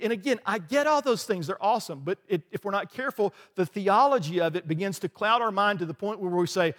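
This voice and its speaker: Man, pastor, sermon, animated preaching, high voice, long echo of a church hall. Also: fast talker, few pauses. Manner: animated preaching with asides and laughs. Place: church sanctuary.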